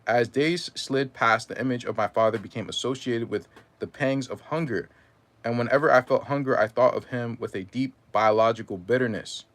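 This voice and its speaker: A man reading a first-person memoir aloud in a measured way, now and then stumbling and correcting himself. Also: medium pitch, fairly bright tone. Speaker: reader.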